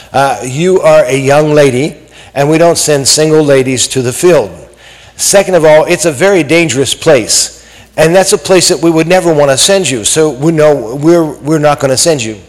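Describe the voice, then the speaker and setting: A man preaching a sermon, telling a story with lively acted-out quotes and some fillers. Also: medium pitch, big-room sound, low-quality recording.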